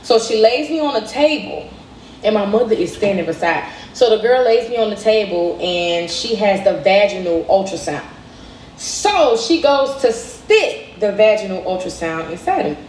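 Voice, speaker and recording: A woman's voice: mid-range voice, expressive, normal speed, darkish tone, far from the mic, slight background noise. Young Southern woman telling a story. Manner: conversational, retells dialogue. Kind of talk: storytime narration. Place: played clip inside a reaction video. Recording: echoey clip heard from afar.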